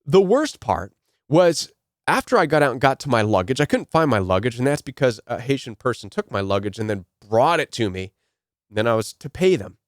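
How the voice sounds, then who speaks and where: A man giving a motivational talk who tells a cautionary personal story in an earnest way. He repeats key phrases and often checks in with "right?". His voice sits in a middle pitch and is recorded dry and close. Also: very animated, a little fast, no room sound. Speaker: self-help speaker.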